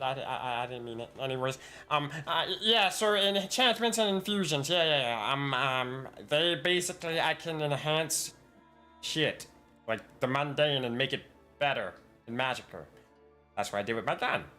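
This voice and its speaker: A man runs a tabletop game over voice chat, his mid-range voice tumbling through stammers and restarts as he explains. He laughs often between thoughts. Soft music plays faintly under him. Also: mid-range voice, moderate pace. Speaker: game master.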